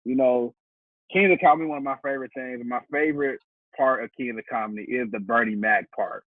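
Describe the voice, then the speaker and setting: A man's voice: medium pitch, brisk, no room sound. A man hosting a podcast, asking questions in a conversational way and laughing often. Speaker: podcast host. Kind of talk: casual interview. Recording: tinny phone-like line, dry.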